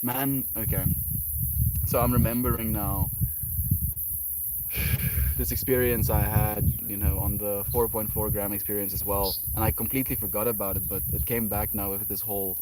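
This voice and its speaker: A man hosting a casual livestream, chatting with viewers in a rambling, animated way and swearing now and then. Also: fairly low pitch, normal speed. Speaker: livestream host. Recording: steady outdoor noise with insects.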